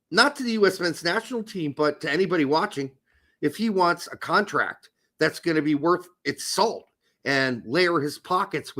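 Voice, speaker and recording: Man, sports talk host, high lively voice, bright tone, heated profane rant. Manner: animated, profane, ranting. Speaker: podcast host.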